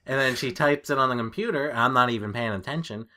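A man's voice: medium pitch, sharp tone. A man from New England co-hosting a casual podcast, telling stories and laughing easily. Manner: laughing, storytelling, quick quips. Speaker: podcast co-host.

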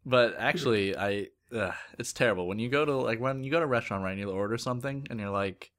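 A man's voice: mid-range voice, quick pace, fairly bright tone. A man co-hosting a casual podcast, teasing and joking with his co-host.

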